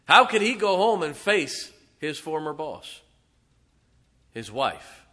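Slow, bright-voiced male preacher. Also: fairly high pitch, big pitch swings. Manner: dramatic storytelling with sudden loud swells and hushed drops. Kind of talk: sermon.

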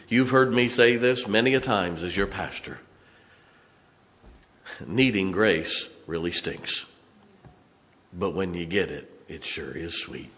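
A man preaching a sermon as pastor, telling stories from the pulpit and breaking into song and shouts. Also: sits low, slow pace, long pauses, in a large hall. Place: church sanctuary.

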